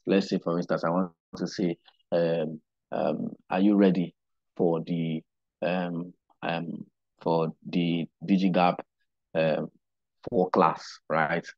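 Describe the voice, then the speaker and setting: A man teaching a digital marketing class online, unhurried and explanatory, often checking in with "right?". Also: sits low, highs cut off. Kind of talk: live online class lecture.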